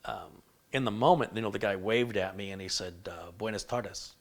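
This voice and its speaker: A man's voice: on the low side, moderate pace, slight background noise. Chatty man hosting a live stream. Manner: rambling and chatty, often laughing and reading viewer comments aloud. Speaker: PC building livestream host. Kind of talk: casual live-stream chat.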